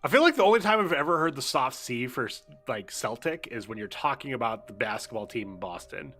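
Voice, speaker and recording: Bright-voiced joking man. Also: medium pitch, expressive, fairly quick, soft background music. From United States. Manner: joking, irreverent, swears freely. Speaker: streamer. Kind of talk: casual gaming commentary.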